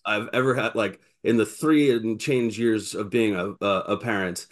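Excitable man telling a story. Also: lowish voice, normal speed. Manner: animated storyteller, stumbling restarts. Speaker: podcast co-host. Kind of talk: casual chat.

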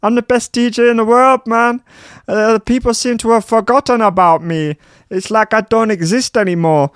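A man voicing a whiny, boastful male DJ in a high, strained, nasal whine, in a dry room. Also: fairly even intonation, moderate pace, clean tone, no room sound, close to an everyday voice. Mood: self-pitying.

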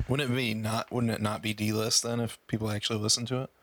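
Low-voiced casual podcast host. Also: male voice, little pitch movement, fast, fairly bright tone. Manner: rambling, hedging with fillers. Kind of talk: casual chat.

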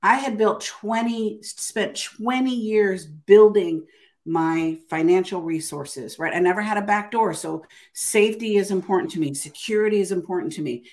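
An older woman who writes books is the guest in an interview, telling her story with casual emphasis and a habit of closing statements with "right?". She has a mid-range, darkish voice at a normal pace.

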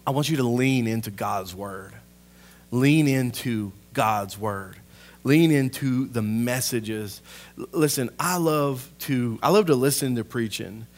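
A man, a pastor preaching a sermon. He swells to loud, impassioned peaks and then drops to a hushed, personal aside. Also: mid-range voice, slow.

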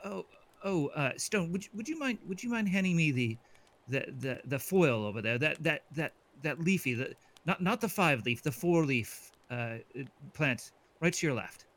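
A jittery, grinning tinkerer, as a man puts him on in a tabletop game, stumbling over every phrase. His voice is pushed up high, gravelly and bright-edged. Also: expressive, moderate pace. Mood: eager. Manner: stammering, eager, fussy.

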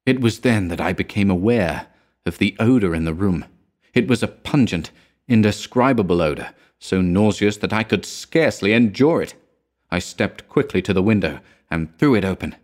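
A man reading a horror story aloud in a measured, grave narrating manner. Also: on the low side, animated. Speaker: reader.

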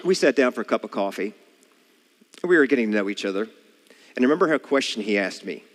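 An earnest male preacher who works through a story and keeps putting rhetorical questions to the listeners, his pitch swinging widely. His voice carries a long reverb, like a church hall. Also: lively intonation, quick pace. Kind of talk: sermon.

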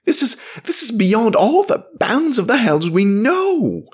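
A man's voice: very high-pitched, very animated, measured pace, breathy edge, voice pushed up, exaggerated voice. A man reading aloud, voicing a loyal male priest who pleads in strained, rising cries for his lady. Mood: pleading. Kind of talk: dramatic audiobook reading.

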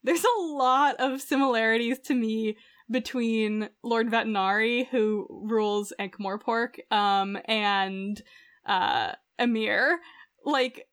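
A woman's voice: a little high, slow pace, a bit bright. A woman co-hosting a podcast in casual chat, chatty and full of fillers. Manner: chatty, lots of "like" and "um". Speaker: podcast co-host.

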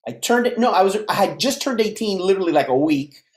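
A man in his fifties from the United States, a podcast guest telling his life story in a lively way and acting out the voices of the people in it. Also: sits high, fast. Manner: animated storyteller who acts out dialogue. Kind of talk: casual storytelling interview. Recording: roomy echo.

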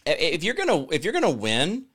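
A man's voice: a little high, huge pitch swings, brisk, fairly bright tone, slightly rough. A man hosting a casual political commentary livestream, rambling and sarcastic as he reads viewer comments aloud. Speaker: talk show host.

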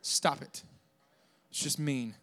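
A young man from the southern United States preaching a lively sermon, joking with the congregation and shouting for emphasis. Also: mid-range voice, takes it slowly. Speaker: pastor.

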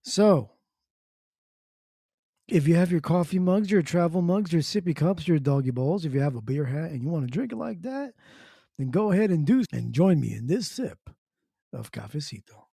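Gravelly, mellow-voiced man hosting a chat show. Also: on the high side, animated, normal speed, dry recording, studio quality. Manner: laid-back, jokey, greets listeners by name. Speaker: podcast host. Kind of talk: casual morning chat.

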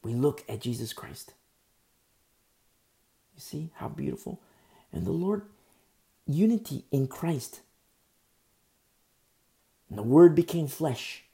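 A man preaching verse by verse, earnest and rambling, stumbling over hard names and pausing often because his throat is sore. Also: a little high, sing-song, vocal fry, warm tone. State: sore throat, pauses to drink tea. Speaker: pastor. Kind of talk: verse-by-verse Bible teaching.

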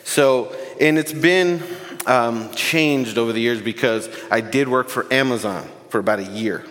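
A man gives a sermon in a casual, warm-hearted way, joking and getting emotional with the congregation. His voice carries a long reverb from the church hall. He sits at a mid pitch. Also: a little slow. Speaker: guest preacher. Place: church sanctuary.

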